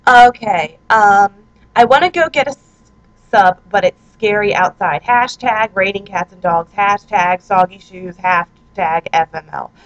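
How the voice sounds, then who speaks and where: A woman's voice: medium pitch, measured pace, lo-fi sound. A woman in her twenties, a vlogger chatting casually and self-mockingly at home, reading out her own posts into a handheld recorder. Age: 20s. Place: her apartment, indoors.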